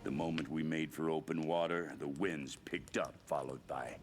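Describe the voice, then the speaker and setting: An actor narrating a game journal as a grim male cult leader, in a slow, measured, solemn voice. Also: extremely low pitch, fairly even intonation, over music.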